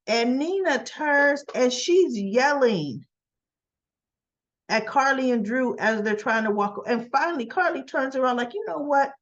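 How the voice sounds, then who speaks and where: Woman recapping soap ep, slow and kinda high voiced, opinionated, dull lo-fi sound. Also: expressive. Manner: opinionated, chatty retelling with asides. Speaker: soap opera reviewer. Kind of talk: casual episode recap.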